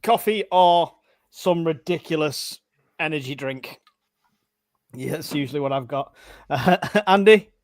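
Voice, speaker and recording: A man's voice: fairly high pitch, unhurried, pauses often, dry recording. A man hosting a casual live stream, reading out viewer questions, teasing his guests and laughing often.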